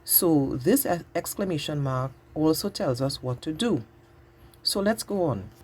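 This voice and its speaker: A woman teaching a patient, exaggerated grammar lesson to young children, speaking slowly and clearly. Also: deep voice, lively intonation, darkish tone.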